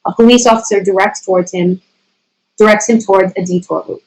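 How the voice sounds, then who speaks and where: A woman's voice: mid-range voice, fairly even intonation, brisk, a little mellow, rough recording. A woman steadily reading the stage directions aloud at a screenplay table reading.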